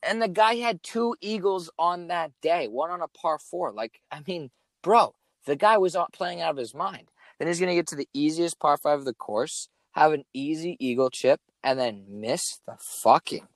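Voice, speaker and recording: A young man in casual chat, swearing often and telling stories with animated energy. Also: fairly high pitch, moderate pace, dry recording. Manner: swears a lot, animated storytelling.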